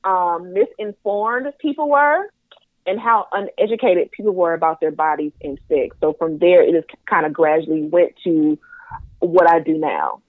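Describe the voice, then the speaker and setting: A woman's voice: lowish voice, normal speed, dry recording. Southern woman from north carolina, chatty guest, lots of ums, tinny phone line sound. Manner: chatty, with many fillers and restarts. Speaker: guest sex educator. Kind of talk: podcast interview.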